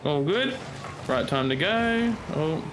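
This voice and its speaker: A man giving excited, joking commentary while playing a game with a friend, throwing in mock-British slang. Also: fairly high pitch, takes it slowly, noisy background. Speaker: gamer streaming with a friend.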